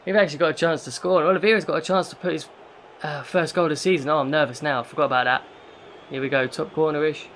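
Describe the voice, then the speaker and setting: A young man commentating live over his football video game, frustrated and exasperated, with sudden loud outbursts. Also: fairly high pitch, steady tone, quick pace, a little hiss or hum. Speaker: gaming YouTuber.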